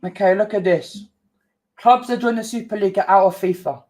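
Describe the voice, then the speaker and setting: A man's voice: high voice, fairly quick. A man co-hosting a livestream, talking defensively and repeating himself. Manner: defensive, keeps repeating "calm down". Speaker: stream co-host. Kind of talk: heated livestream chat.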